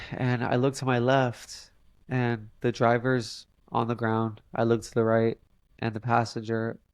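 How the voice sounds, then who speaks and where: A man's voice: medium pitch, no echo, studio quality. A young man telling a personal story in a casual, earnest way, often saying "like" as a filler. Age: young adult. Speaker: podcast guest.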